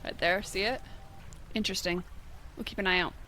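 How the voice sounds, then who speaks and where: A young woman with a bright, clear voice gives casual commentary while she plays, thinking out loud and reacting quickly when something startles her. She also reads the game's on-screen text aloud, and a faint hum sits under her voice. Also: medium pitch, steady tone. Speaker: gaming channel host.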